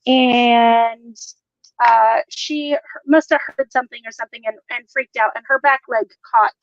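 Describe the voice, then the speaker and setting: A woman's voice: on the high side, steady tone, moderate pace, dull audio. A woman co-hosting a live sewing stream, telling a rambling story in casual chat. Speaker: co-host.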